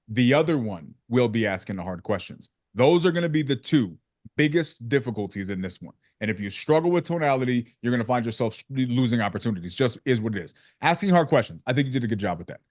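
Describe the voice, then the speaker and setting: A man gives blunt feedback on a sales call, mixing slang with quick acted-out examples. His voice sits at an ordinary pitch and sounds close and dry, with no room around it. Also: no room sound. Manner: direct, animated coaching with acted examples; casual slang, calls people bro. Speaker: sales coach. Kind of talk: feedback session.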